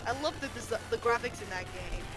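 Enthusiastic woman streamer, casual chat, high lively voice, music in the background. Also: quick pace. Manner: enthusiastic, gushing.

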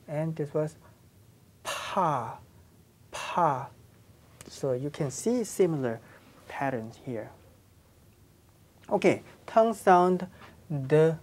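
A woman's voice: deep voice, expressive, slow, long pauses, darkish tone, husky. A middle-aged Korean woman with a Korean accent, whose first language is Korean, teaching a language class in English and patiently repeating sounds for students to copy. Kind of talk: classroom lecture.

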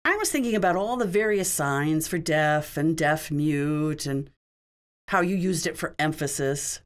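A woman's voice: deep voice, a bit bright. A woman working as a sign language interpreter, voicing a signed question-and-answer session in a conversational, explanatory way, in short spoken phrases.

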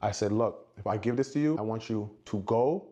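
A man telling an animated story and acting out the quoted lines of the people in it. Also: fairly quick. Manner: acts out quotes, shifts pitch for dialogue. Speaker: storyteller in a played clip.

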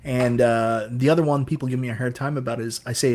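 Co-host, man, Newfoundland accent, mid pitch, chatty and self-mocking. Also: fairly even intonation, fast, hardly any pauses, a little mellow. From Newfoundland, Canada. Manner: chatty, joking, self-deprecating. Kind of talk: casual podcast chat.

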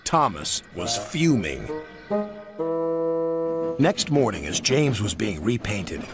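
Expressive storybook narrator, man, wide melodic range, music underneath. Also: fairly low pitch, slow.

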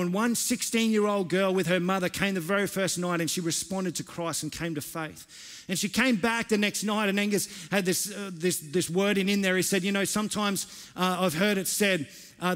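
A man's voice: sits high, a bit bright. A man preaching a sermon, telling stories conversationally with frequent restarts. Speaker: pastor. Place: church hall. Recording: long echo of a church hall.

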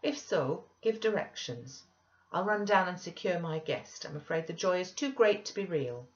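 A woman voicing an impetuous, excitable young mistress who talks breathlessly and eagerly. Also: lowish voice, moderate pace, lightly acted. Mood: coaxing. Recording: dull lo-fi recording.

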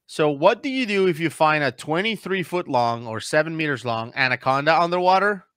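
A man's voice: a little high, animated, fairly quick, a bit bright, clear, resonant tone, no echo. A man hosting a casual reaction video, dry and exasperated with his co-host.

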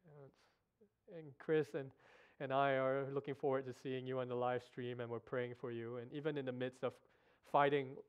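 A man preaching a sermon in a church, earnest and emotional, halting with restarts as he speaks. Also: medium pitch, level tone, clean tone, highs cut off. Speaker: guest preacher. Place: church sanctuary.

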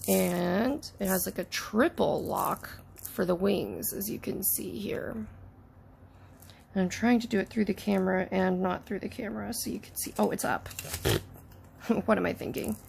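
Woman, toy unboxer: excitable, gushing, slips into whispers, gravelly fry, mid pitch. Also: moderate pace, slight background noise. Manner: gushing, excitable, talks to the toys, drops into soft whispers. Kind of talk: casual unboxing chat.

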